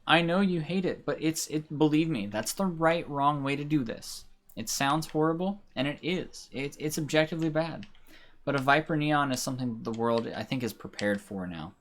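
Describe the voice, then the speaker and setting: A man's voice: fairly high pitch, moderate pace, fairly bright tone. A man giving casual, rambling commentary while live-streaming a racing game, grumbling and swearing at it. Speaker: livestreamer.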